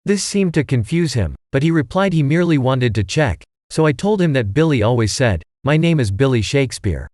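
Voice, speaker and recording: A man voicing a grand, slow old stage actor. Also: mid-range voice, expressive, darkish tone, no echo, studio quality, lightly acted. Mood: indignant. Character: elderly male stage actor, grand and vague.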